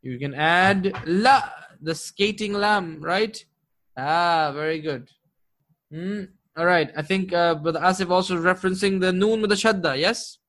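A man's voice: high voice, fairly bright tone. A man teaching an Arabic grammar class, explaining terms in English and checking in with his students again and again. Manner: quizzing students with frequent "right?" and "correct?"; recites Quranic verses quickly in Arabic. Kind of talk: classroom lecture.

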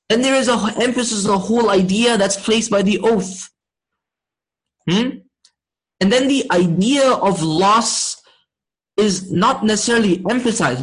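A man teaching a class on Arabic grammar, explaining step by step, often checking in with his students, and reciting verses quickly. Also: sits high, poor audio.

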